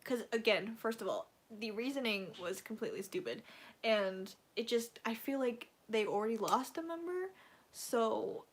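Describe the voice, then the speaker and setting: A woman's voice: fairly high pitch, animated, moderate pace. A woman hosting a casual livestream, chatting to her viewers in a rambling, gushing way full of fillers. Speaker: livestream host.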